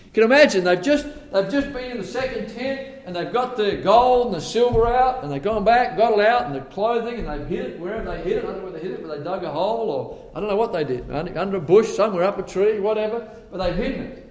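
A man preaching a sermon, retelling a Bible story with lively storytelling and acting out the characters' lines. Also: high-pitched, fast talker. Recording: long reverb of a large hall.

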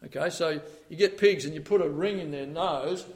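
Preacher guy with a high voice, sermon, punchy loud-soft swings, calls out amen?. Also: normal speed. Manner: reads quotes aloud with emphatic swings in volume; asks the congregation for responses.

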